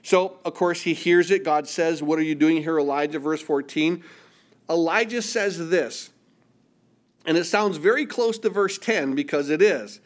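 Dramatic preacher, man, higher voice. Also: unhurried. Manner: dramatic, drops to near-whisper for quiet passages; acts out biblical voices, asks listeners "do you understand?". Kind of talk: sermon.

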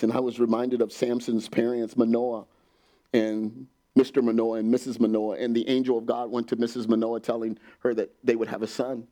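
A man with a medium-pitched voice preaches a sermon in a church. He is animated and laughs often, acts out quotes, and sometimes drops to a whisper.

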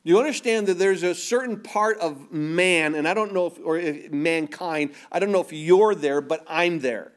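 A middle-aged man preaching a sermon, earnest, often repeating words and dropping to a hush for emphasis. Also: fairly high pitch, moderate pace, hardly any pauses. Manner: earnest, repeats words, swings between loud emphasis and hushed quiet. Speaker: pastor.

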